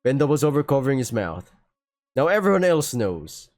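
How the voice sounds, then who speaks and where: A young man reading a visual novel aloud, with animated, joking commentary and casual swearing. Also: mid-range voice, fairly quick, dry recording, clean studio sound. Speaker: gaming streamer.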